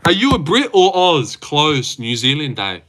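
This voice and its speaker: Young man, livestream host, bright tone, teasing, casual swearing. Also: very animated, a little slow. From Australia. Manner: teasing, swears freely, jumps up in pitch when mocking. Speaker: livestream host reading chat. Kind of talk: casual live chat about fights.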